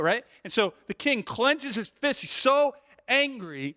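A male pastor preaching a sermon with animated delivery, rhetorical questions and frequent "right?" asides, restarting and repeating words as he builds a point. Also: very high voice, normal speed. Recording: long hall reverb.

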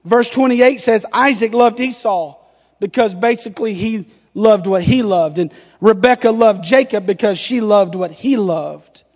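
A man in his thirties, a pastor preaching, telling a lively story and acting out the dialogue. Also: high voice, unhurried. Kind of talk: storytelling sermon. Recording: long hall reverb.

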